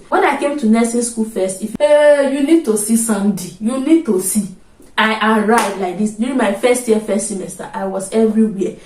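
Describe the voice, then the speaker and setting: A young woman with a Nigerian accent telling a casual, animated story to her vlog audience, slipping into pidgin and acting out exclamations. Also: on the high side, roomy sound, far from the mic. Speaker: vlogger.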